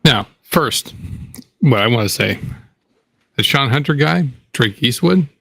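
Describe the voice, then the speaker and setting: A man's voice: mid-range voice, lively intonation, measured pace, creaky, fairly bright tone. A man co-hosting a live talk show, speaking bluntly in a laid-back way and swearing casually. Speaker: co-host. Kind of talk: casual chat.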